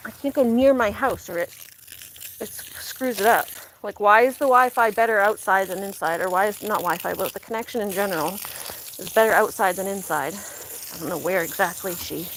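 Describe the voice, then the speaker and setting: A woman's voice: normal speed, a bit bright, slight background noise, low-quality recording. A woman chatting casually on a live stream outdoors in her yard, rambling and swearing a little when annoyed, filmed on a handheld phone. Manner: high sing-song baby talk to animals. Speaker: animal vlogger live streaming. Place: outdoors in a backyard garden.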